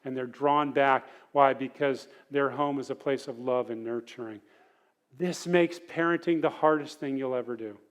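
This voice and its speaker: A man's voice: mid-range voice, fairly even intonation, moderate pace. A middle-aged man teaching a parenting sermon at church in an earnest, conversational way.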